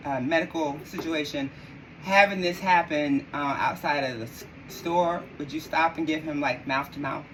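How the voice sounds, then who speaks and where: A woman's voice: low voice, slight background noise, poor audio. A woman hosting a live podcast, exclamatory and incredulous, talking straight to her listeners. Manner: animated and incredulous. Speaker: podcast host.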